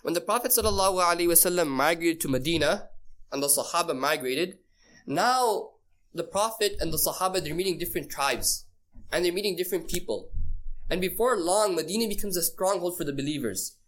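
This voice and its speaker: A man's voice: a little high, animated, fairly quick, a bit bright. A man teaching a casual class, quizzing his listeners and repeating key phrases for emphasis. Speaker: Islamic teacher.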